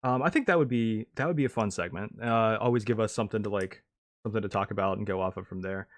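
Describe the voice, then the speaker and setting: Low-voiced man planning a podcast. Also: fast talker. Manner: plans aloud with many fillers and restarts. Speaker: podcast co-host. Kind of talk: casual chat.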